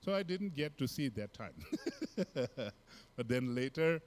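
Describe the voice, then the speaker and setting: A man with a Tibetan accent, a Buddhist teacher, telling a personal story in a relaxed, halting way with many fillers and soft laughs. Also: medium pitch.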